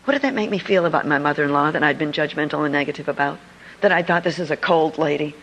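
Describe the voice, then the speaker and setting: Gravelly middle-aged woman telling a story. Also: low-pitched, quick pace, slight background noise, rough recording. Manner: earnest, confiding storytelling with lively emphasis. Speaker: author and public speaker. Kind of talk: storytelling speech.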